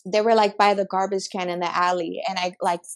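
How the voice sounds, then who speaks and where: A woman's voice: mid-range voice, level tone, brisk. A young adult woman, a podcast guest, earnestly and animatedly retelling a personal story with many filler words. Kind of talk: emotional storytelling.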